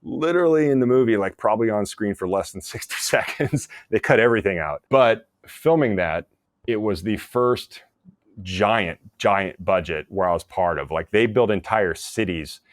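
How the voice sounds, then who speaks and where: A man, an actor and former soldier, telling stories in a casual podcast interview, animated and laughing often as he talks. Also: fairly low pitch, moderate pace, no echo, clean studio sound. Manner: animated storyteller, laughs often, many restarts.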